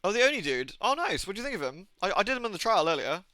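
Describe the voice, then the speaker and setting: Chatty streamer with a Midlands-Southwest accent. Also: male voice, high voice, big pitch swings, rapid-fire, sharp tone, no echo, clean studio sound. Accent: mix of Birmingham and Southwest England. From England. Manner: chatty, jokey, laughs often. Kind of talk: casual gaming commentary.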